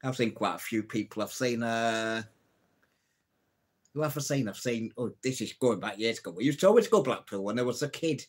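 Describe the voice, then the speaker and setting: A man's voice: mid-range voice, expressive, normal speed, slightly rough. A man hosting a casual live stream, telling old jokes, reading out viewer comments and laughing at his own punchlines. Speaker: livestream host.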